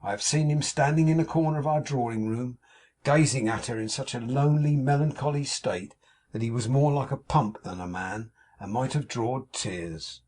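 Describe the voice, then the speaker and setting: A fussy middle-aged landlady, put on by a male narrator, pours out confidences in a gushing, melodramatic way. The voice has a husky, breathy edge and sits at a middling pitch. She fits a storybook read aloud. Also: normal speed, a little mellow, natural voice.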